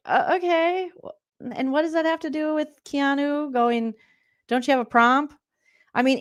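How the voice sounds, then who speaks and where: A woman's voice: high-pitched, a bit bright. A woman in her forties, a comedian, doing a sarcastic, exasperated reaction rant with plenty of swearing. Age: 40s.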